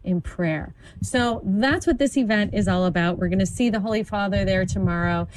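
A woman's voice: medium pitch, normal speed, a little mellow, slight background noise, poor audio. A woman commentator on a talk program, explaining events with enthusiasm and an occasional stumble. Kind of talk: informative conversational talk.

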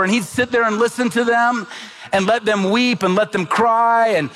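A man's voice: very high voice, fairly even intonation, moderate pace, fairly bright tone. A middle-aged man preaching a sermon as pastor, earnest and emphatic, asking the congregation rhetorical questions.

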